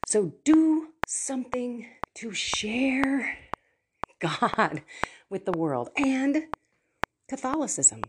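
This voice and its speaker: A woman hosting a Catholic podcast, telling personal faith stories in an earnest, animated way with laughs and asides. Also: a little high, drawn-out words, long pauses. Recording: audible background noise.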